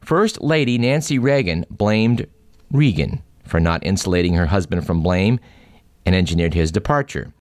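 A man's voice: sits low, lively intonation, moderate pace, dry recording. A man hosting a radio show, reading jokes and satire aloud in a dry storytelling delivery.

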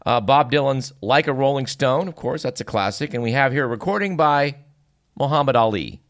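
A man's voice: medium pitch, lively intonation, a little fast. A man hosting a radio show, reading scripted narration in a dry, wry and formal way.

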